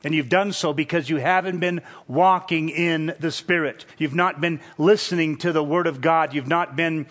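A man preaching an expository sermon, teaching verse by verse in a measured, emphatic way. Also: on the high side, fairly even intonation, a bit bright.

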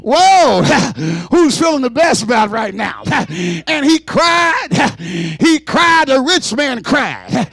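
Fiery, very high-voiced man preaching. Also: sing-song, slow pace. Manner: fervent, shouting with call-and-response. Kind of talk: sermon.

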